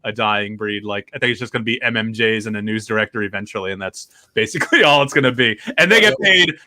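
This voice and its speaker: A man's voice: on the low side, lively intonation, fast, bright, forceful tone, dry recording, clean studio sound. A man hosting a casual podcast chat, rambling and laughing often as he talks. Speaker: podcast host.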